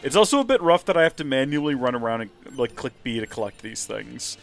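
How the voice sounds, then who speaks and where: A man's voice: medium pitch, very animated, quick pace, creaky, soft background music. A man hosting a live game stream, chatting and joking about himself as he plays. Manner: chatty, joking, self-deprecating. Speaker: host, gamer.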